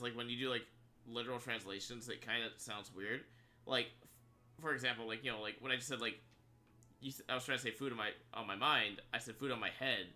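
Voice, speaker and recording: A man's voice: medium pitch, pushed and bright. A man streaming a video game, chatting casually with viewers in a rambling way, full of fillers and frequent laughs. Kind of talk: casual live-stream chat while gaming.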